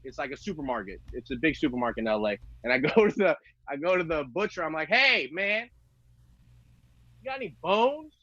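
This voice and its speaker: A man's voice: mid-range voice, fast, a bit bright, dry recording, dull audio. A man in his thirties doing a rambling, self-mocking stand-up set over a video call, laughing at his own jokes. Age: 30s. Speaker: stand-up comic.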